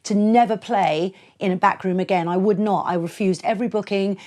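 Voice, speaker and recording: Woman, middle-aged, blunt, animated, mid-pitched, podcast guest. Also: fairly quick. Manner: blunt, animated, acts out quotes, laughs often. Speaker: DJ and producer, interview guest. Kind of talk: candid storytelling in a podcast interview.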